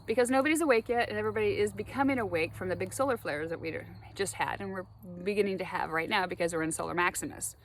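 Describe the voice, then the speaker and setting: Woman spiritual vlogger, animated rambling monologue, frequent laughs and swearing, mid-range voice. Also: mid-range voice, fast talker, few pauses, slight background noise.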